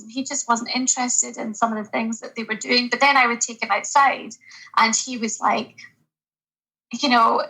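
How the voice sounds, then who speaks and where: Bright-voiced, earnest woman doctor. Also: a little high, poor audio. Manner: earnest and reflective, with hesitant restarts. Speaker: GP guest. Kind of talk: podcast interview.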